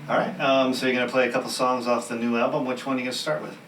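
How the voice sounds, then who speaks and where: A man's voice: mid-range voice, level tone, rapid-fire, music in the background. Upbeat man hosting a podcast. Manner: friendly, upbeat, laughs easily. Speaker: podcast host. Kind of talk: casual interview chat. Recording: roomy, noisy sound from a distant mic.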